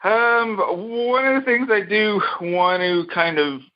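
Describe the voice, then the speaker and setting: A man in his forties hosting a radio interview, laid-back and halting with fillers. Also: high-pitched, muffled recording. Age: 40s. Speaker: radio host. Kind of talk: phone interview.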